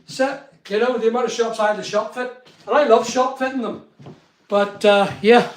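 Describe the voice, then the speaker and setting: A man's voice: extremely high pitch, steady tone, moderate pace. A middle-aged man, chatting casually on a live stream and greeting viewers by name. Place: studio room being built. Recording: echoey unfinished room.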